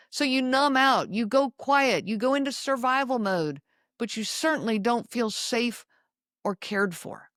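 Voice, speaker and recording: A woman hosting a podcast, speaking slowly and emphatically to her listeners and repeating key lines. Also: a little high, a bit bright, no room sound, studio quality. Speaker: podcast host. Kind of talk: solo talk to listeners.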